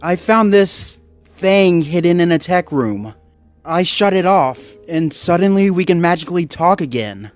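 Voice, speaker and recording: A man's voice: high-pitched, lively intonation, unhurried, soft background music, voice pushed up. A man voicing a blunt, bitter young male rescue dog who growls and snaps back.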